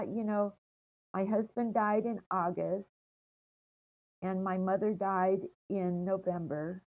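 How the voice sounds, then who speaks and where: An older American woman telling stories from her travels in an interview, meandering with many ums and trailing off softly. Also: medium pitch. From United States. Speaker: interview guest. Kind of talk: casual storytelling interview. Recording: tinny phone-like line.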